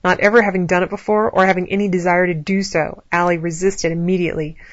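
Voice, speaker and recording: Brief: woman reading an erotic story, even and flat, close and dry. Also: fairly low pitch, fast, no room sound, muffled recording. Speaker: narrator.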